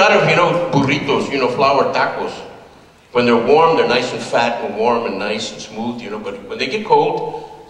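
A man's voice: medium pitch, fairly bright tone. An older man from California telling personal stories to an audience in a folksy, conversational way, laughing now and then at his own jokes. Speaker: speaker giving a talk. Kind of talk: storytelling talk to an audience. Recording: echoey hall, voice from far off.

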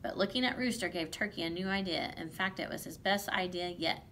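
A woman reading a picture book aloud to children, lively and playful. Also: lowish voice, brisk, a little hiss or hum. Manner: lively, playful voices for the animals. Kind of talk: children's storybook read-aloud.

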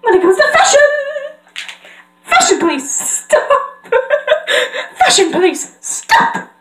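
A woman's voice: very high voice, sing-song, slow pace, fairly bright tone, voice pushed up, full character voice. Woman doing a haughty, posh fashionista cartoon pony. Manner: haughty, dramatic. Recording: roomy echo.

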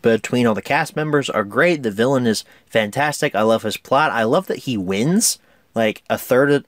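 Man, casual film review, enthusiastic, chatty, lively pitch, dry close sound. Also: normal speed, dry recording. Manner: enthusiastic, chatty, laughs often.

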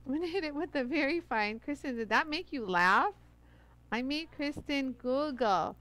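Chatty high-voiced woman hosting a live demo. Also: lively intonation, moderate pace, sharp tone, rough recording. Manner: chatty, greets viewers by name, laughs often. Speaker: livestream demo host. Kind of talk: live product demonstration.

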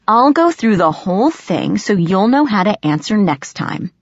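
A woman's voice: lowish voice, big pitch swings, moderate pace, dry recording, lo-fi sound. A woman voicing a cocky, teasing teenage boy fairy trickster in an audiobook, breezy and grinning. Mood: amused. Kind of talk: audiobook character voice.

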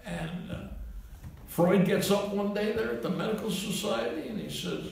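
Gravelly old man telling rambling stories. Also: high voice, normal speed, darkish tone. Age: 80s. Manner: chuckles at his own punchlines. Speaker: comedian. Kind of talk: rambling anecdotal monologue. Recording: roomy, distant mic, faint hiss.

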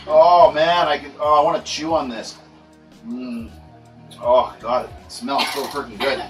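A man's voice: mid-range voice, little pitch movement, measured pace. Laid-back man in an echoey room. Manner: laid-back, rambling with many fillers. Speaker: livestream host. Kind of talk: casual livestream chat. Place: indoor grow room. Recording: echoey room, voice far from mic, faint music.

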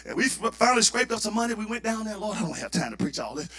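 A male pastor with a Southern US accent, preaching a sermon and building to shouted fervor. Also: high voice, sing-song, rapid-fire, vocal fry.

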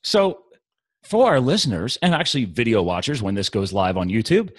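A man's voice: mid-range voice, big pitch swings, moderate pace, no echo. A man hosting a podcast, chatting with a guest in an enthusiastic, rambling way. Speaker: podcast host. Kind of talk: casual interview chat.

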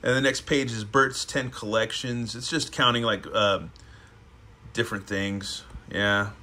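A man's voice: fairly low pitch, fairly even intonation, unhurried, pushed and bright, slight background noise. A young man casually reading a children's picture book aloud, joking and laughing as he goes. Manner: laughing often, loose and joking. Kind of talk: casual storybook read-aloud with chat.

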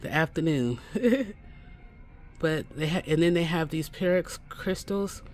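A man's voice: a little high, normal speed. A man giving a casual shopping walkthrough inside a pharmacy store, chatty and correcting himself as he repeats the prices. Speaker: shopping vlogger.

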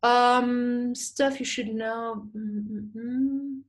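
A woman's voice: on the high side, fairly even intonation, extremely slow. A woman presenting a webinar, reading out audience questions and answering them in a chatty way with many fillers. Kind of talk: live webinar Q&A. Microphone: small video mic or phone.

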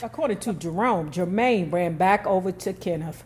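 A woman's voice: on the low side, moderate pace, hardly any pauses, a little mellow. A woman telling a true story, reading it out and breaking off for casual, emphatic commentary. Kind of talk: storytelling narration with asides.

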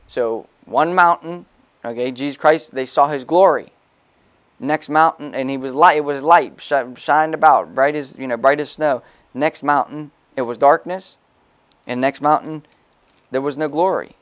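A male pastor preaching a sermon in a relaxed, talkative way, stopping to read scripture aloud and adding quick asides. His voice sits at a middle pitch. The recording is dry and close, with little room sound. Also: no echo. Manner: casual preaching, reads scripture aloud, frequent "okay?" asides. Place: church.

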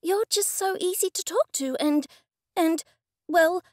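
Audiobook character: a woman voicing a fretful wife, pitched well up, anxious and pleading, with a gravelly edge. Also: lively intonation, slow, mellow, no echo, studio quality, heavily acted. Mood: nervous pleading. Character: nervous, flustered adult woman, lawyer's wife.

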